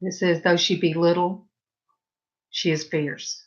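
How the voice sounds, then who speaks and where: In a muffled recording, a middle-aged woman with a Southern US accent paints on a livestream while rambling chattily to her audience with asides. Her voice is lowish and slow, with little pitch movement.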